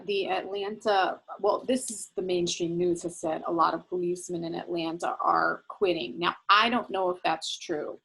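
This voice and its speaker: A woman's voice: fairly low pitch, gravelly, a bit bright, slightly rough, low-quality recording. A woman on a video call who asks questions and hedges her claims. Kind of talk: casual video-call chat.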